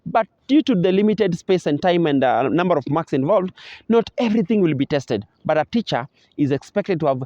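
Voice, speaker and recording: Kenyan man teaching, slightly high voice. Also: animated, fairly quick, dark tone, dry recording. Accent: Kenyan English. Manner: explains patiently, acts out pronunciation and intonation examples. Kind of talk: exam revision lecture. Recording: dull, dry close recording.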